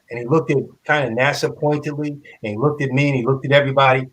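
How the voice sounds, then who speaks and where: A man telling an animated, profane story on a convention panel, acting out quotes and laughing. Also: mid-range voice, fast. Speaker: comic artist panelist.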